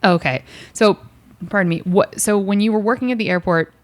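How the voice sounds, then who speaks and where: A woman hosting a podcast in casual chat, laughing often and asking quick questions. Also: medium pitch, no echo. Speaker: podcast host.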